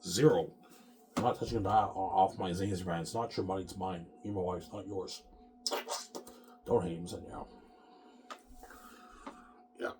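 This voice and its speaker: A man's voice: deep voice, steady tone, moderate pace, pauses often, noisy background. A man talking straight to his viewers in a rambling, repetitive rant, often swearing and circling back to the same points. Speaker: self-published author and vlogger.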